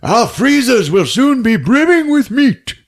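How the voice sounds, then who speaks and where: Man doing a big, hearty village guy for a podcast recap, booming out his lines high and loud. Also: big pitch swings, a little slow, vocal fry, exaggerated voice.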